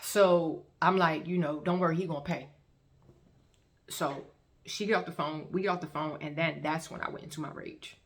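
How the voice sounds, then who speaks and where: Lower-voiced woman telling an emotional testimony. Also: moderate pace. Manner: animated storytelling with repeated phrases and acted-out quotes. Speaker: testimony vlogger.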